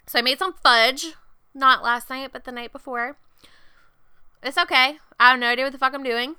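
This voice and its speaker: A young adult woman co-hosting a casual chat podcast, telling animated, profane stories and acting out what others said. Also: high-pitched, moderate pace, smooth, dry recording. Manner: profane, animated storytelling with quoted voices. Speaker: podcast co-host.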